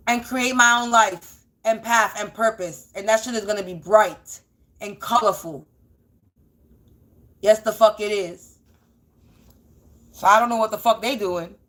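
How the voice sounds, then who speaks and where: A woman's voice: on the high side, measured pace, long pauses, bright, forceful tone. A woman doing a casual spiritual reading, blunt and profane, repeating phrases for emphasis. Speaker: spiritual energy reader.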